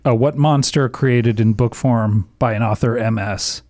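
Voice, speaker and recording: A man's voice: medium pitch, unhurried, darkish tone. A man joking wryly as a contestant on a comedy quiz podcast. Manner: wry, jokey. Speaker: guest contestant. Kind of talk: casual comedy podcast banter.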